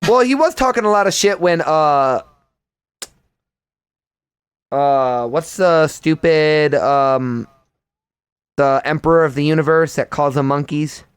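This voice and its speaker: A young man hosting a podcast in casual chat, ranting in an animated, profane way. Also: on the high side, slow, long pauses, clear, resonant tone, no room sound. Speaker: podcast host.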